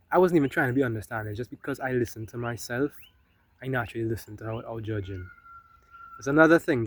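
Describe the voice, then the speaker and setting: A man talks through spiritual self-help ideas in a loose, conversational way. His voice sits at an ordinary middle pitch, and he keeps checking in with "right?" and "you know?". He swings between louder and softer stretches. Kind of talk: casual spiritual talk.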